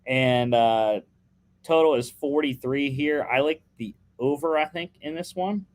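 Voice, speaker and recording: A man's voice: mid-range voice, measured pace. A young man co-hosting a casual sports podcast, chatting through his football picks with lots of fillers and restarts.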